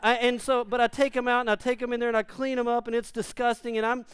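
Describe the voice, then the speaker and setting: A man preaching a humorous sermon, animated and self-deprecating, acting out the quotes in his story. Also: very high-pitched, quick pace, clear, resonant tone. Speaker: pastor.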